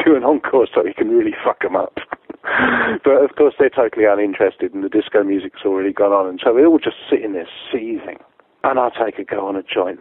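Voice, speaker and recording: A man's voice: on the low side, breathy edge, no room sound, phone-quality sound. A man telling a long, profane tour story in a casual way, laughing often and acting out what other people said. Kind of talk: casual anecdote, sweary storytelling.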